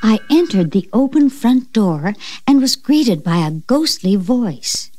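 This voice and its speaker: A woman reading a children's storybook record aloud, slow and expressive, dropping to a whisper for the spooky parts. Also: a little high, dry recording. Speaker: story reader.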